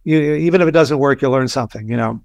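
Older man, physician guest, anecdotal storytelling, mid pitch, dry close sound. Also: quick pace, vocal fry, no room sound. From Texas, USA. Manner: relaxed, anecdotal, many fillers and restarts. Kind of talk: conversational storytelling.

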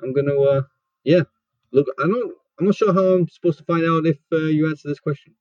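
A man's voice: fairly high pitch, brisk, dry recording. Man rambling through a lo-fi voicemail. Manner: rambling, hesitant, trying out a put-on accent. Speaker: caller leaving a voice message. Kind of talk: recorded voicemail question. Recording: dull dry lo-fi voicemail.

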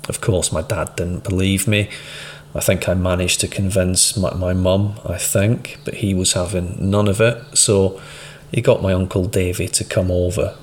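A man hosting a podcast, giving a measured, conversational talk with a personal story. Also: sits low, level tone, darkish tone, a little hiss or hum. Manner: measured, conversational, with small restarts. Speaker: podcast host. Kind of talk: instructive monologue and anecdote.

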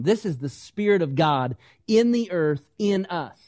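A man preaching a sermon, animated, asking the congregation questions and acting out the voices he quotes. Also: high-pitched, unhurried, dry recording, studio quality. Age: young adult or middle-aged, parent of small kids. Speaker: pastor.

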